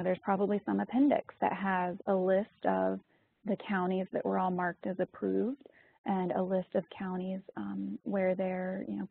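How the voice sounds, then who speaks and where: A woman's voice: medium pitch, vocal fry, breathy edge, dry recording. A woman presenting a webinar lesson, explaining with frequent ums and you-knows. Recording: tinny phone-like line, dry.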